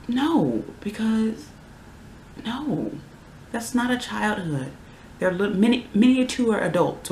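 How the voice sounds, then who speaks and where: A young adult in their twenties rants heatedly to the camera, exasperated and prone to sudden outbursts. The voice carries a gravelly fry. It sounds roomy and echoey, with a faint hiss underneath. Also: medium pitch, a little mellow. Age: 20s. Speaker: vlogger. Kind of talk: casual ranting vlog. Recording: roomy echo.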